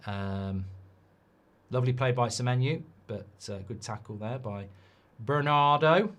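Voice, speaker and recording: A middle-aged man hosting a live football watchalong, reacting to the match and swearing loudly at poor defending. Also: mid-range voice, unhurried, highs cut off. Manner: swears and rants at bad defending.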